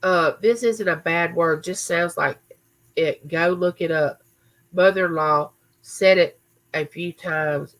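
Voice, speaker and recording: In a lowish voice and at a slow pace, a woman runs a casual livestream from her home recording room, reading out viewer comments and addressing people by name. The recording is rough.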